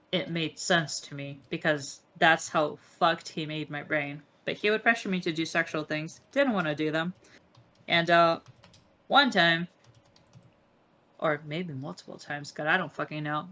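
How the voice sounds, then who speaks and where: A woman's voice: sits low, pushed and bright. A young woman, not a native English speaker, speaking as an interview guest, emotional and profane, with many fillers. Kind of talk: candid interview conversation.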